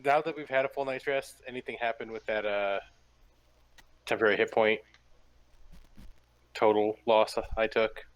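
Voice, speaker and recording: A man's voice: lowish voice, normal speed, pauses often, clear, resonant tone. A man playing in a tabletop game, chatting casually and joking with the table. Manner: joking, relaxed banter. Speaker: player.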